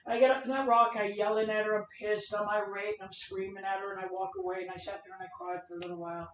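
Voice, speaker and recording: A woman's voice: mid-range voice, little pitch movement, fast, hardly any pauses, a bit bright. A middle-aged woman giving a personal storytelling talk as an advocate speaker, earnest and emphatic, acting out the dialogue she quotes. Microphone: video call. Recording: roomy, distant video-call audio.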